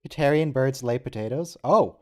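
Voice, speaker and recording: A man's voice: mid-range voice, moderate pace, dark tone. A man co-hosting a movie watch-along, chatting casually and tossing out wry questions and jokes. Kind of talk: casual chat over a movie.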